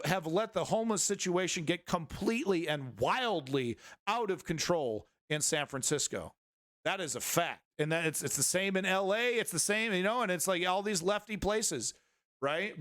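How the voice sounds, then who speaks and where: A man's voice: fairly high pitch, a bit bright, dry recording, studio quality. A man hosting a live-stream news commentary, talking bluntly and profanely and rambling with many restarts.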